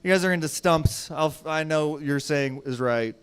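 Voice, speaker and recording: On a club stage, a young adult man performs a profane stand-up set, lurching from loud shouts to low mutters. His delivery is clear and resonant at a moderate pace.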